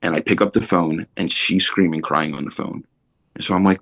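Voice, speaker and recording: A man's voice: low-pitched, fairly even intonation, quick pace, creaky, fairly bright tone, no room sound. A middle-aged man, a podcast guest, telling a blunt, profane, emotional story about his recovery in a casual way.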